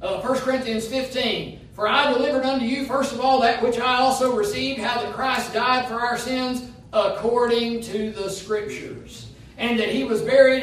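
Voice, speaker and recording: Steady in tone yet very high-pitched and fairly bright, a man preaches an emphatic, unhurried sermon whose rising lines become half-singing. The setting is a church sanctuary, recorded by a distant mic in an echoey room with a little hiss or hum.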